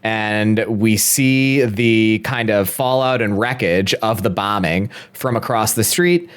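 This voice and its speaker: A man's voice: on the low side, takes it slowly, clean tone. A young man co-hosting a podcast, recapping a film from his notes in a dry, self-deprecating way. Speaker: podcast co-host.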